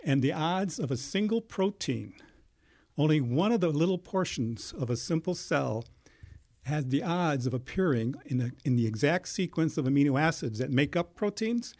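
A man talking as a guest in a studio, explaining things in a measured, step-by-step way. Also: on the high side, expressive, a little mellow.

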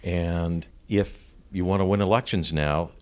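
Very low-voiced guy hosting a political interview, blunt, cuts in with quick questions. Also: steady tone. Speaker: interviewer host.

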